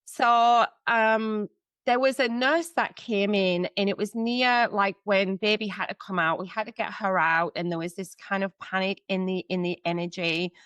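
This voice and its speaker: Smooth-voiced woman telling a personal story. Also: mid-range voice, steady tone, normal speed, a bit bright, no room sound. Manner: candid, chatty storytelling with many fillers. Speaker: guest, psychic medium and mentor. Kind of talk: personal storytelling in a podcast interview.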